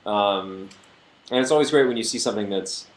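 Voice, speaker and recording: A young man chatting casually on a livestream, answering fan questions in a halting, joking way. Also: lowish voice, roomy sound, poor audio.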